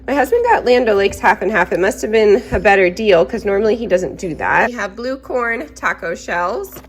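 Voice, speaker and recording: Chatty mom, a little under the weather. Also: female voice, medium pitch, animated, moderate pace. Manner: chatty, practical, rambling asides. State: a little sick. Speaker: mother vlogger. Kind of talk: casual grocery haul chat.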